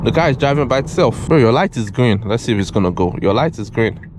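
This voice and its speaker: An excitable man talks his way through a test drive. He repeats lines and scolds the car as it moves. Clear road noise fills the cabin behind his voice. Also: medium pitch, fast talker. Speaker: car reviewer. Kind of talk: casual driving commentary. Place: inside a moving car.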